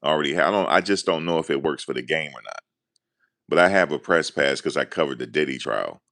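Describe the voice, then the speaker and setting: Deep-voiced New man, casual rambling fan commentary, excitable. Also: fast talker, vocal fry. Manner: excited, rambling, animated storytelling. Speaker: sports commentator.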